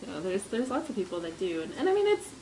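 A young woman co-hosting a podcast, chatting in a relaxed way with dry jokes and frequent laughter. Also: medium pitch, quick pace, a little hiss or hum, rough recording. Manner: laid-back, dry humor, frequent laughs. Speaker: podcast co-host. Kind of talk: casual chat.

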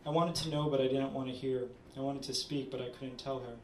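Man, story reading, measured pace, small stumbles, echoey venue, distant mic. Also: medium pitch, fairly even intonation, a little hiss or hum. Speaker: reader at a literary event. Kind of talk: reading his story aloud. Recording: roomy, distant audience recording.

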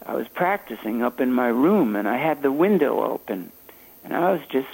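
An older man, a jazz saxophonist, telling stories in a halting, anecdotal way during an interview. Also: mid-range voice, very animated, creaky, a little mellow, husky, low-quality recording. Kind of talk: reminiscing interview storytelling.

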